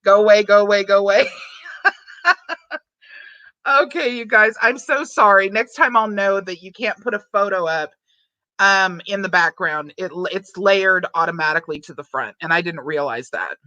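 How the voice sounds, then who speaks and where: Bright, giggly woman livestreaming. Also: medium pitch, normal speed, dry recording, muffled recording. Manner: giggly, breaks into frequent laughter. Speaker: livestream host reading viewer chat. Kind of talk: casual livestream chat.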